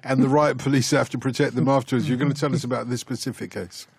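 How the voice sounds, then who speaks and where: Husky radio phone-in host, dry studio sound. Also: male voice, medium pitch, steady tone, fast talker, dry recording. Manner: jokey, laughs often, reads texts aloud.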